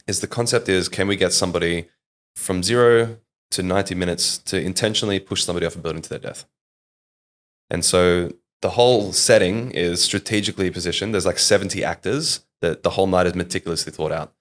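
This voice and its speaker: A man's voice: sits low, quick pace. A man from Australia with an Australian accent, a public speaking coach telling stories in a casual podcast interview. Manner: animated storyteller, leans on "like" and "mate".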